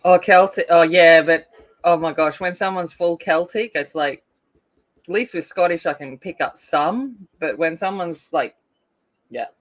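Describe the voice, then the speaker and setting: A woman's voice: low voice, measured pace. A middle-aged woman from North Queensland with an Australian accent, chatting casually while colouring, giggly and rambling with lots of fillers. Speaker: colouring channel host.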